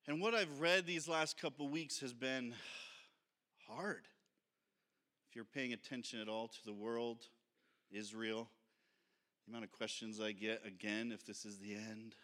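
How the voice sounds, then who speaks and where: A pastor preaches a sermon in a mid-range, pushed, and bright voice, speaking earnestly, reflectively, and conversationally. At times he sings slowly to lead the congregation.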